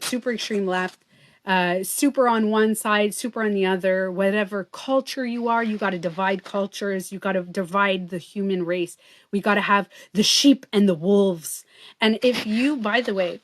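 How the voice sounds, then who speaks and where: A woman streaming live from home, talking straight to her viewers in a loose, rambling way. She leans hard on key words and swears casually. Her voice sits at an ordinary middle pitch. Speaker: livestream host. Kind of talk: casual livestream monologue.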